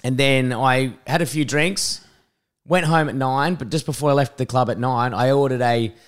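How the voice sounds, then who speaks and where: An Australian man tells rambling, profane stories in a casual podcast chat. He acts out quotes as he goes. His voice sounds a touch rough and worn. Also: mid-range voice, normal speed. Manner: rambling storyteller, swears often, acts out quotes. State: voice rough from vomiting. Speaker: podcast co-host.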